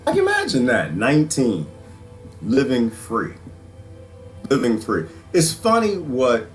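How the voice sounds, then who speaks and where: A man hosting a podcast, commenting on played clips in an animated, preachy, folksy way. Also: fairly low pitch. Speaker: podcast host.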